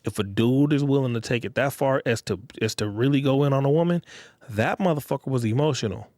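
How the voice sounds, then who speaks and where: A fast-talking man with a medium-pitched voice goes solo on his podcast, casual and blunt, cursing and speaking in street slang, and animated when voicing other people. The recording is dry and studio quality.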